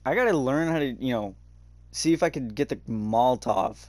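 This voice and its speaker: A man's voice: mid-range voice, animated, moderate pace, a little mellow, dry recording. A young man giving casual commentary while playing a horror game, reacting and swearing a lot. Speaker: gamer.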